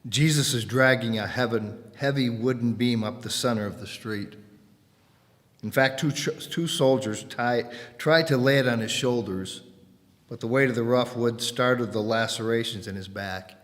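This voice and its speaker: A man's voice: medium pitch, normal speed, a bit bright. A man reading a dramatic scripted narration aloud in a church, earnest, with small slips. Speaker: reader. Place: church sanctuary. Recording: reverberant church hall.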